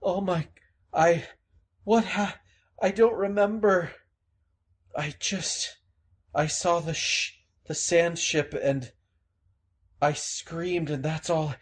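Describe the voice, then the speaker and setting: A man's voice: a little high, steady tone, slow, pauses often, breathy edge, pitched above the performer's own voice. A man voicing a confused, panicking man who has just been brought back to life, gasping and straining his voice. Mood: bewildered.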